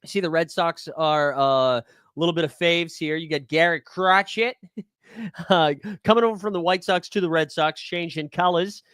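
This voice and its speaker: A man's voice: a little high, normal speed, fairly bright tone, smooth, no echo, studio quality. A young man hosting a live fantasy sports stream, talking casually and jokily with lots of filler words. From New England.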